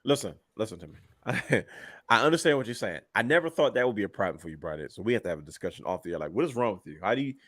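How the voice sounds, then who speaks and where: Casual male podcast co-host, lower voice, dry close mic, excitable storyteller. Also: racing, husky, dry recording. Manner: animated storyteller, acts out quotes, laughs often. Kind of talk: casual wrestling chat.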